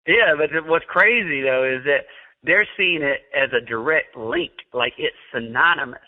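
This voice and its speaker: A man's voice: fairly high pitch, normal speed. Chatty Southern man, laughing easily. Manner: chatty and laughing, many fillers. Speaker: podcast host. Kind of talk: casual chat. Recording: tinny phone-like audio.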